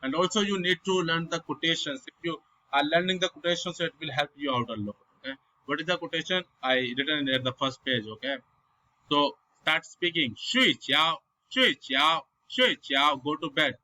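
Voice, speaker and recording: A man's voice: on the high side, brisk, sharp tone, rough recording. A young man teaching a recorded online language lesson over slides, repeating example sounds with exaggerated tones in non-native English phrasing.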